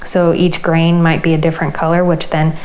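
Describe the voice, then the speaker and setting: A woman hosting a crafting channel, explaining an ice-dye project as she works in a relaxed way. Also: deep voice, fairly quick, highs cut off. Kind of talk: casual craft tutorial.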